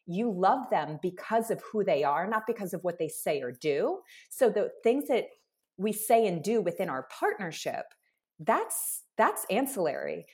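A woman's voice: mid-range voice, very animated, a little slow. A woman guest in an interview, a business co-founder speaking earnestly and emphatically, building her points in long lists. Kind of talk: heartfelt conversational interview.

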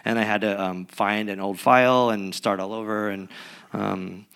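A man, a musician guest, telling stories in a rambling, animated way with many restarts during a live podcast interview. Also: on the low side, normal speed, creaky, clear, resonant tone. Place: recording studio with live audience.

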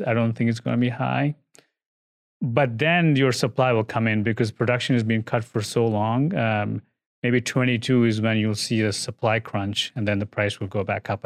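A man's voice: mid-range voice, no echo, studio quality. A man speaking as an industry guest in an interview, talking things through thoughtfully with many fillers and restarts. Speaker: guest, oil industry executive. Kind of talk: business interview conversation.

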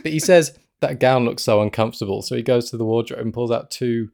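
A man's voice: mid-range voice, fast, vocal fry, a little mellow. A man co-hosting a podcast, chatting casually about a film, joking and laughing often. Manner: jokey, laughs often, quotes lines in mock voices. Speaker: podcast co-host. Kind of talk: casual chat reviewing a film.

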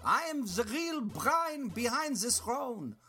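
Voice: mid-range voice, sing-song, slow pace, pushed and bright, pitched above the performer's own voice, exaggerated voice. Ask: Give me a performer doing a German-accented pickle queenpin. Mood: indignant. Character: scheming German-accented woman pickle boss.

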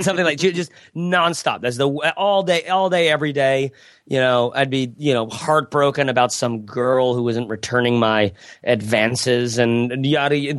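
Man, casual podcast talk, rambling, reflective, average pitch, dry close mic. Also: no room sound. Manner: rambling, reflective, laughs often.

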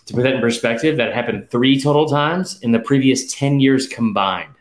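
A man's voice: mid-range voice, echoey room. A man hosting a casual sports betting chat, rattling off stats emphatically, slightly out of breath. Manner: rapid stat-heavy, emphatic, with fillers. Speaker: podcast host.

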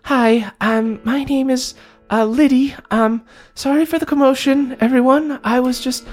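Man doing a timid high frog-girl voice. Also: steady tone, measured pace. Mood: nervous. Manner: nervous, stammering, apologetic. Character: young timid female bullywug frog girl.

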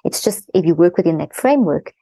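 A middle-aged woman, a guest expert in an interview, explaining a parenting method in fast-flowing, animated talk. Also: fairly low pitch, breathy edge, no echo, rough recording.

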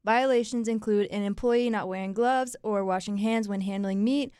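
A woman's voice: medium pitch, fairly even intonation, moderate pace, darkish tone, clear, resonant tone, no room sound, clean studio sound. A young woman co-hosting a casual local-news podcast, chatty and laughing easily. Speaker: podcast co-host.

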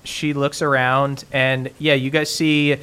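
A man narrating as game master of a tabletop game, relaxed with frequent fillers and restarts. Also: medium pitch, slow pace, clean tone.

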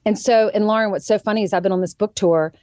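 A woman's voice: mid-range voice, fast talker, warm tone, dry recording, clean studio sound. A woman in her thirties chatting as a guest and telling a parenting story, quoting others vividly as she goes. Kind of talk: casual chat.

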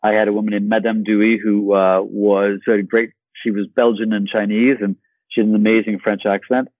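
A man being interviewed as an actor guest on a podcast, talking in an enthusiastic, animated way and often repeating words. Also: lowish voice, moderate pace, no echo, low-quality recording.

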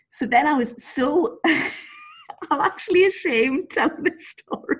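A woman co-hosting a podcast, telling stories in a lively way and swearing casually. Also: sits high, moderate pace. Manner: animated storyteller, swears casually. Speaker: podcast co-host. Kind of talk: casual chat.

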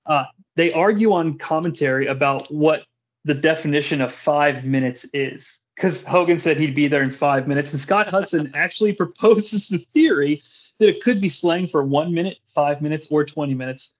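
A fairly high-voiced man chats about a wrestling show with animated, joking energy and drops casual swears. The recording sounds dull and lo-fi, like a home podcast. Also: moderate pace. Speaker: podcast host. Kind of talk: casual wrestling recap chat.

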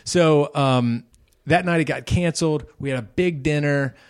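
Animated middle-aged man telling a story. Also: a little high, unhurried, smooth. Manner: animated, acts out his son's voice in quotes. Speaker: podcast co-host. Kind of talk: casual storytelling chat.

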